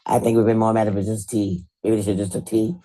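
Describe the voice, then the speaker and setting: A woman's voice: very deep voice, level tone, fast, dark tone. Dramatic, mock-indignant woman. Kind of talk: casual podcast chat.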